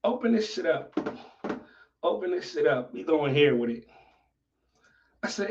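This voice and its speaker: High-pitched, profane livestream host. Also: male voice, unhurried, pauses often, recorded from a distance. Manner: profane, animated, talks to viewers. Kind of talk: casual livestream commentary. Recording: dull lo-fi audio from off-mic.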